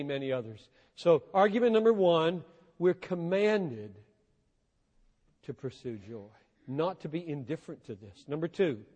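A high-voiced man preaches with fervor, dropping low and quiet before rising into loud, pleading emphasis. His voice rings out in a large hall with a long, trailing reverb. It is the sound of a live sermon. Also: lo-fi sound. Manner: impassioned, swinging between quiet and loud emphasis. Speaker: pastor.

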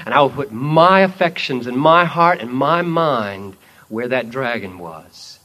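A preacher voicing a solemn kingly Jesus. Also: male voice, mid-range voice, lively intonation, unhurried, bright, forceful tone. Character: calm commanding kingly Jesus, man.

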